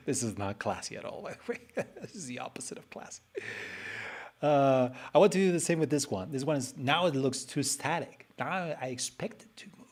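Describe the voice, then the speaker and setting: A man's voice: mid-range voice, expressive, normal speed. A man streaming his design work, chatting casually and playfully as he thinks aloud and talks to his screen. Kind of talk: casual live design commentary.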